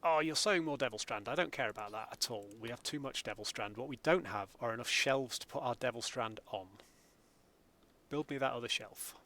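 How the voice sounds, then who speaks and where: Bright-voiced chatty man. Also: mid-range voice, a little fast. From England. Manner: chatty, greets viewers by name. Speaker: streamer. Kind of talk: live gameplay stream chat. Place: home.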